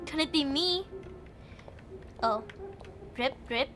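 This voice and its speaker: A woman's voice: sits high, slow pace, sharp tone, faint music behind. A young woman streaming a game, thinking aloud in casual chat, giggly and chatty. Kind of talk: casual live game commentary.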